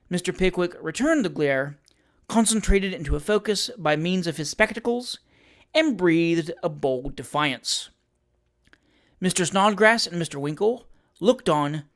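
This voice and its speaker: Measured classic-novel audiobook narrator. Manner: measured, lower-voiced narration between characters.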